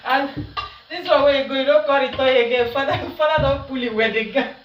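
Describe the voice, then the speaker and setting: A woman's voice: high-pitched, fairly even intonation, fairly quick, highs cut off. A woman with a Nigerian accent chatting and teasing while she cooks at home, laughing often. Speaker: social media commentator. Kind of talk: casual commentary while cooking. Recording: roomy, distant from mic, faint noise.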